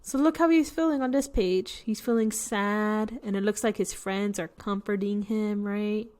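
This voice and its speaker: A young woman reading a picture book to children, pausing to point at pictures and ask questions. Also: mid-range voice, fairly even intonation, darkish tone. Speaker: storytime reader.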